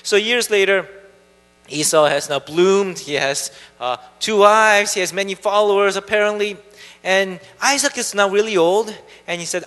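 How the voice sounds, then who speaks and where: A male preacher talks through the story in a relaxed, chatty manner, with plenty of fillers. His voice is high and bright for a man, and the church hall gives it a long reverberant tail. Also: normal speed. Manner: casual, chatty retelling with fillers. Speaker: pastor. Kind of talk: sermon.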